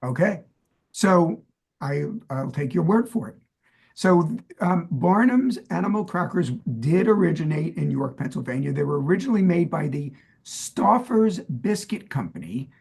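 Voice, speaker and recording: A man's voice: a little high, very animated, normal speed, gravelly, a little mellow, slightly rough. A middle-aged man from New Jersey co-hosting a podcast, chatting loosely and quizzing his partner with plenty of fillers. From New Jersey, USA. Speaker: podcast co-host. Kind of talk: casual chat, trivia quiz.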